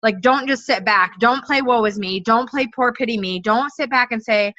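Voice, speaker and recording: Bright-voiced woman giving a pep talk. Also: on the high side, a little fast, few pauses, no echo. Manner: upbeat, direct, pep-talk delivery. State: stuffy from allergies. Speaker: network marketing team leader. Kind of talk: motivational talk to a sales team. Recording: dull, dry lo-fi recording.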